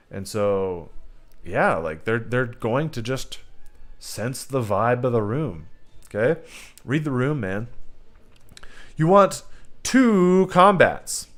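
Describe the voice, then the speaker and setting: A man hosting a livestream who gives tabletop game-master advice, emphatic and rambling, talking straight to his viewers. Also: mid-range voice. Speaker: host teaching game masters.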